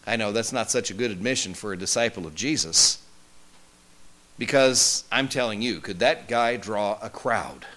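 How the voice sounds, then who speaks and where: A man playing a male disciple who recalls his travels in a first-person monologue, wry and conversational, with lively swings in emphasis. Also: fairly low pitch, moderate pace. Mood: earnest recollection. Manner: conversational, wry, animated storytelling.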